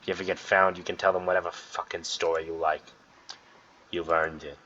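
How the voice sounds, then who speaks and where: A gruff, bitter old mechanic drawls his lines in a low, coarse voice, as a man reads him out. The sound is dull and lo-fi. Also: flat delivery, fairly quick, sharp tone, slight background noise.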